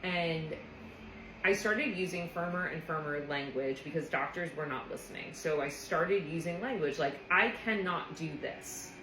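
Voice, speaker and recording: Woman, low voice, earnest and reflective, casual storytelling, echoey room, faint hiss. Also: normal speed. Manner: earnest, reflective, frequent "like" fillers. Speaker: therapist. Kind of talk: casual personal storytelling to camera.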